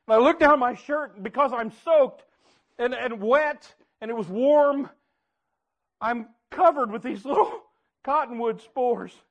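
A man preaching, telling a personal story in an earnest way that swings from hushed to loud. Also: very high voice, muffled recording. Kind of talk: personal testimony sermon.

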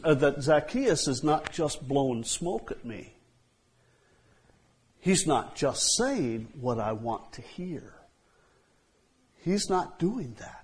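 A man's voice: fairly high pitch, slightly rough. A man preaching a sermon in a conversational way, often repeating himself and saying "you know.".

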